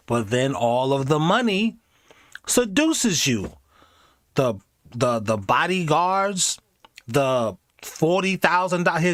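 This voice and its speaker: A man's voice: a little high, a little slow, no echo. A man hosting a reaction video, talking casually and jokingly, slipping into mocking voices. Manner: animated, jokey, does mocking voices.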